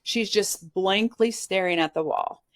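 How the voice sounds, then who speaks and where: Woman, from Nebraska, podcast guest, candid storytelling, "like" fillers, mid pitch, dry close sound. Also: unhurried, no echo. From Nebraska, USA. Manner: earnest, candid, heavy use of "like" as filler. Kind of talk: personal storytelling in conversation.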